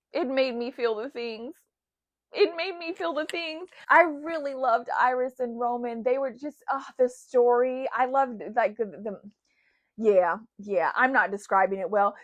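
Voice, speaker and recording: A woman enthusiastically reviewing her favorite books, rambling, correcting herself and gushing with praise. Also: mid-range voice. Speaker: book reviewer. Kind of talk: casual book review vlog. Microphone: new desk mic.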